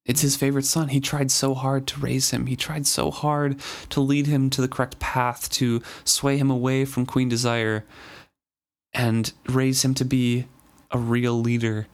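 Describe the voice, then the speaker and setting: A man's voice: medium pitch, level tone, a little slow. A man hosting a book discussion, reading passages aloud and talking through them earnestly. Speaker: podcast host discussing a novel. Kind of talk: casual chat and reading aloud.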